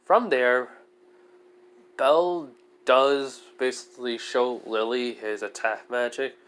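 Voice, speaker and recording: A man's voice: medium pitch, fairly bright tone. Rambling man telling a story. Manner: rambling, filler-heavy, self-correcting. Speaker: fan storyteller. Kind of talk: casual improvised story narration.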